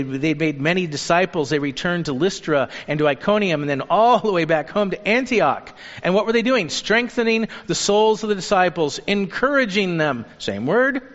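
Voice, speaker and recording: A man preaching a sermon as a pastor, earnest and urging, turning lively when he acts out the people he quotes. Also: high-pitched. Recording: dull sound with long reverb of a hall.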